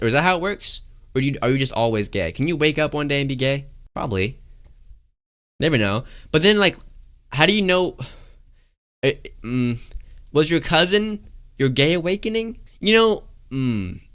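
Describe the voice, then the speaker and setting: A man's voice: medium pitch, fairly bright tone, smooth. A young man streaming live, chatting casually and reading out viewer messages, rambling with lots of fillers and calling everyone "guys" and "bro".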